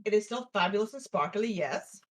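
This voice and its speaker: A woman's voice: medium pitch, lively intonation, brisk, fairly bright tone. A woman playing her character in a tabletop game, joking with playful back-and-forth banter. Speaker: player. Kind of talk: in-character tabletop role-play.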